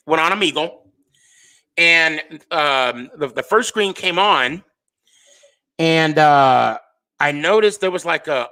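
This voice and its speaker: A man's voice: on the high side, sharp tone. A man hosting a live stream, chatting casually, reading viewer comments and rambling through jokes. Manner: rambling, joking, self-interrupting.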